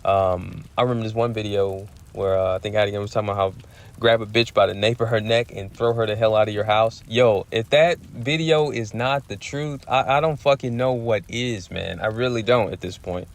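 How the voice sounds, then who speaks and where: A man's voice: on the low side, brisk. A man telling a story in a heated, profane rant, repeating himself for emphasis. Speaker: vlogger.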